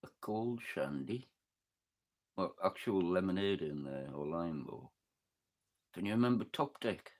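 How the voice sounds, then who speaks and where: A man's voice: low-pitched, expressive, measured pace, pauses often. A man with a northeast English accent chatting casually with his live audience, joking and swearing as he rambles between topics. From northeast England. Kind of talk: casual chat reading live comments.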